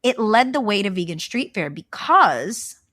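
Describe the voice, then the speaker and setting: A woman's voice: medium pitch, very animated, measured pace, fairly bright tone, no room sound, clean studio sound. A young adult woman telling her story as a podcast guest, candid and chatty with casual swearing. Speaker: guest, event founder.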